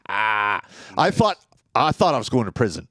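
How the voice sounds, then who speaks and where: A man's voice: fairly low pitch, sing-song, measured pace, fairly bright tone, no echo, studio quality. A man co-hosting a live podcast, telling a story in a blunt, profane, casual way. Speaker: podcast co-host.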